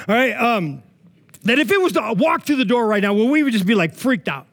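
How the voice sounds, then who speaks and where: A male pastor giving a sermon in a lively, joking, conversational way. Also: high-pitched, quick pace.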